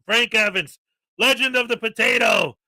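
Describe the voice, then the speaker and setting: Male co-host, high and piercingly bright, ranting list-reader, dry close sound. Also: moderate pace, dry recording, poor audio. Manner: ranting, reels off long lists. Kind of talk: casual live-stream chat.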